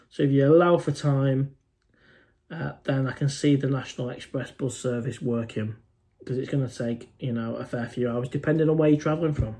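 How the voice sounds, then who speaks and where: Warm and medium-pitched, this English man's voice drives a laid-back live stream. Chatty and informal, he reads viewers' comments aloud and keeps calling people "mate."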